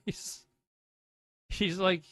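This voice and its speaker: Speaking very slowly in a fairly bright voice, a man hosts a livestream, casually rambling and responding to the chat messages he reads out. There is no echo on the recording.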